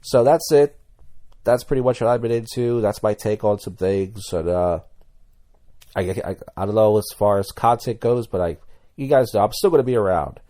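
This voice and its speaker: Man, low pitch, mellow dark tone, blunt rambling vlog commentary. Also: normal speed. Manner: rambling, blunt, many restarts. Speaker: YouTuber.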